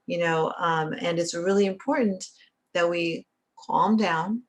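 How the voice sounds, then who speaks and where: With a lowish, fairly even voice at normal speed, this middle-aged therapist and author teaches conversationally. She's earnest, frequently asking "right?" and voicing small quoted bits.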